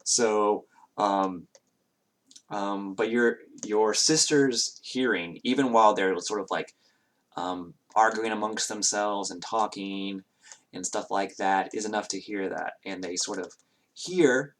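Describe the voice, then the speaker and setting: A man's voice: on the low side, slow, a bit bright. Hesitant man running a tabletop game. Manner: hesitant, many fillers and restarts. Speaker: game master.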